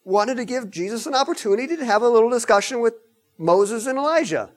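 A man preaching a sermon in an animated, emphatic way, mixing in joking asides. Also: very high voice, fast talker.

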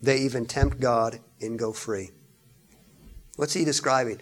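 A man's voice: mid-range voice, steady tone, measured pace. A man preaching a sermon, reading scripture and explaining it with repetition and rising emphasis. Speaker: pastor.

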